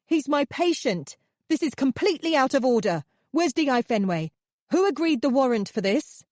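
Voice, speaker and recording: A woman voicing an indignant woman therapist who fiercely defends her patient, speaking in sharp, outraged outbursts. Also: lowish voice, expressive, normal speed, dry recording, clean studio sound.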